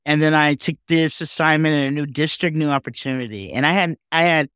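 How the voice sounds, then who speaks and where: Podcast guest, male, slightly higher register, emotional storyteller, close dry mic. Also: fairly quick, clean tone, no echo. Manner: heartfelt, animated, says "man" and "okay?" often.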